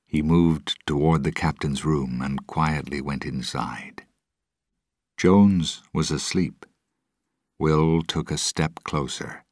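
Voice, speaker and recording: A man narrating a storybook chapter with an extremely deep voice, unhurried and deliberate. His tone is husky and the recording is dry and close. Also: darkish tone, no room sound. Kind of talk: storybook reading.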